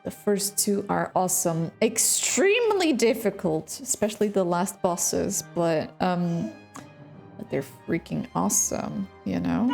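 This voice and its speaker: A woman's voice: lowish voice, very animated, measured pace, gravelly, a little mellow, faint music behind. A woman chatting casually while streaming a game from home, talking to her chat and pets. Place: home room.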